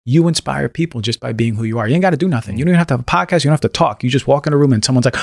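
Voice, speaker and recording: Guy on a podcast getting fired up, mid-pitch, dry room no echo. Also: very fast, creaky, hardly any pauses. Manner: emphatic, acts out quoted voices. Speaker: podcast guest, health practitioner. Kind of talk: impassioned casual talk.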